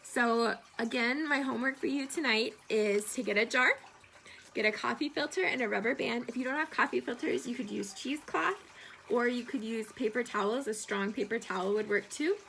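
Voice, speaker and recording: Gentle high-voiced woman teacher. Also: moderate pace, vocal fry, a little hiss or hum, low-quality recording. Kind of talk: remote homeroom lesson for children.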